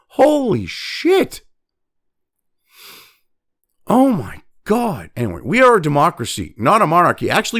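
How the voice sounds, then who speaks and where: His voice sits on the high side with a fairly bright tone as he hosts a ranting news commentary. Profane and exasperated, he rushes through the news text, sighs heavily, and stops reading to vent.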